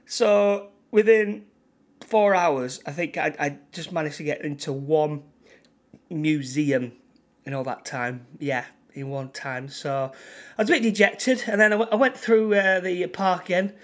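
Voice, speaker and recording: Man, Mancunian accent, casual podcast chat, slightly high voice, rambling, stumbling restarts. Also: measured pace, fairly bright tone. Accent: Mancunian English. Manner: rambling storytelling with many restarts and fillers. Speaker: podcast co-host.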